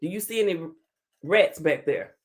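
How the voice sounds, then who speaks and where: A woman's voice: on the low side, lively intonation, normal speed. A woman hosting a casual live stream, chatting and greeting viewers by name with sassy asides before reading court transcripts aloud. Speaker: talk show host.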